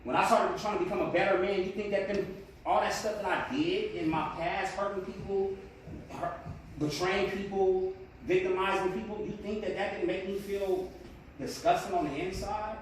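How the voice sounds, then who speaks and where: Casting: high-pitched man, earnest motivational speaker with speech, addressing a classroom from a distance in a very echoey room. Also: steady tone, normal speed, slight background noise. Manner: earnest, preachy, rising to emphatic peaks.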